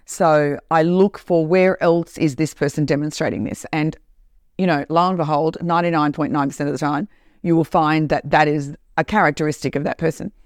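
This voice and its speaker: Animated woman trainer telling a story. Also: low voice, dry recording, studio quality. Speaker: corporate trainer and podcast host. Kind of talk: casual monologue.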